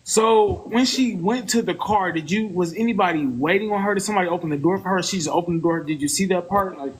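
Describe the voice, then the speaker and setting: A man hosting a casual live stream, talking loosely with many fillers and pauses. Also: high-pitched, slightly rough, poor audio. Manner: loose, halting, full of fillers.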